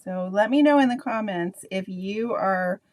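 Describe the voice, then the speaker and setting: A woman's voice: mid-range voice, a little slow, a little mellow. A middle-aged woman with a Canadian accent, leading a live painting tutorial in a chatty, rambling way full of asides to her viewers. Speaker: painting instructor.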